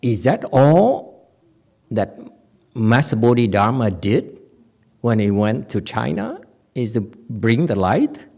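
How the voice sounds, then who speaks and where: A man's voice: medium pitch, big pitch swings, slow pace, gravelly, pauses often, a little mellow. A man with a Korean accent giving a dharma talk as a Zen master, playful, telling stories and laughing often.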